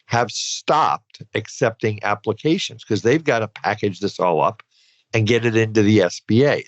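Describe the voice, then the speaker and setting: A man's voice: on the low side, dry recording. A man hosting a podcast, explaining financial rules in a conversational, advisory way with loose asides. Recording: dull, dry podcast recording.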